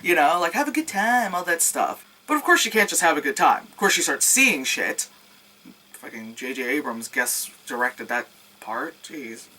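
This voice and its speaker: A woman movie reviewer gives an animated, sarcastic recap of a film, swearing freely and acting out scenes with yelps. Her voice sits low at normal speed, and the recording is rough.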